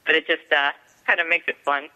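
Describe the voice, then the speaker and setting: A woman's voice: sits low, fairly even intonation, fairly quick, bright, forceful tone, muffled recording. A woman romance author sharing a chatty, self-deprecating anecdote on a radio talk show. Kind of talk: casual anecdote on a radio interview.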